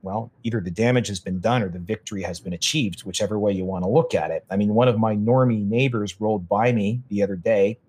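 A man's voice: lowish voice, fast talker, hardly any pauses, darkish tone, breathy edge. A man talking casually as a podcast guest, opinionated and rambling, often restarting his sentences. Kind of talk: casual conversation.

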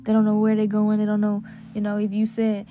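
A woman's voice: mid-range voice, monotone. A woman podcast host giving a fervent spoken prayer and testimony while lying down in a closet, her voice muffled. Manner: fervent, repetitive, drawn-out praise. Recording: muffled closet recording over guitar music. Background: soft guitar music.

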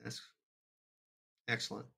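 A man casually telling a family story on a podcast, acting out the voices. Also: slow. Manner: animated, acts out every voice.

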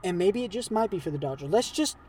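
A man's voice: high voice, lively intonation, fast, warm tone, far from the mic, a little hiss or hum. A man arguing heatedly in a casual chat, swearing often and cutting in. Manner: swears a lot, interrupts, heated.

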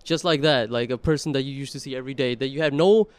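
A man telling a story in a casual podcast chat, animated and profane. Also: medium pitch, quick pace, clean tone.

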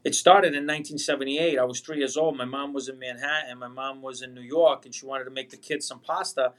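A man's voice: mid-range voice, fairly even intonation, a little fast, fairly bright tone. A man in his forties with a Boston accent, a guest on a podcast speaking over a video call, earnest, heartfelt and rambling. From Boston area, USA. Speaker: pasta manufacturer, guest. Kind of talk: casual interview chat.

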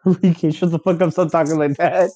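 A man's voice: on the high side, fairly even intonation, quick pace, dark tone. A young man co-hosting a casual podcast, rambling and joking and swearing freely. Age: young adult. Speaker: podcast co-host. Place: college dorm.

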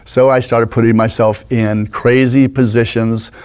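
Older guy spinning lively stories in an interview, mid-pitched, acts out the people in them. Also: a little slow, smooth. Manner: animated raconteur, acts out the people in his stories. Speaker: guest. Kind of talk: anecdotal storytelling. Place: studio.

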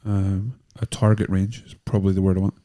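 A man from Northern Ireland co-hosts a relaxed podcast chat. His voice sits a little low and sounds warm and mellow. He rambles and jokes with his friends. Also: a little fast. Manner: joking, chatty, rambling. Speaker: podcast co-host. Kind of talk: casual chat.

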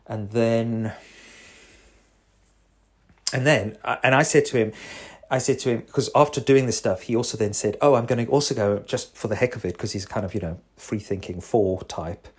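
Husky man musing aloud as therapist. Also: moderate pace. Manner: rambling, self-correcting, animated with sudden pitch jumps. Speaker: psychotherapist podcast host. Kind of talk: reflective monologue.

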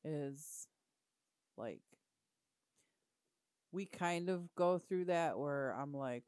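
A woman's voice: sits low, expressive, extremely slow, pauses often, a little mellow, clean tone, no room sound, studio quality. A woman in casual chat, talking in a wry, reflective way.

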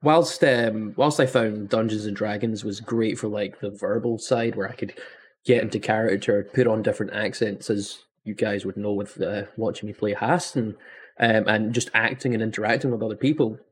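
A man's voice: lowish voice, steady tone, normal speed, slight background noise. A man hosting a casual chat about tabletop role-playing, talking enthusiastically and circling back with many restarts and fillers. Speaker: podcast host, dungeon master.

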